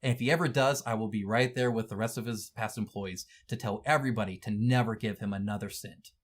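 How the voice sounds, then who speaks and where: A man's voice: fairly low pitch, steady tone, quick pace. A man hosting a wargaming news show, giving heated, indignant commentary and scolding the people he talks about.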